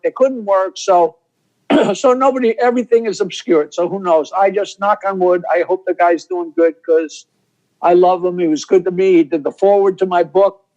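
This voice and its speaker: Rambling older man, raised pitch. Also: a little mellow, lo-fi sound. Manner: rambling, self-interrupting storyteller. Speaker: interview guest, comedian. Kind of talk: casual interview over video call.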